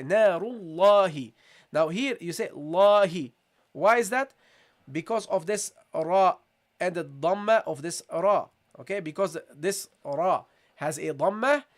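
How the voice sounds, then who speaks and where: Brief: male recitation teacher, patient step-by-step tajweed lesson, stretches syllables when modeling, calls his students "guys". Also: high voice. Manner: explains step by step, drawing out syllables slowly as models; often says "okay" and addresses listeners as "guys".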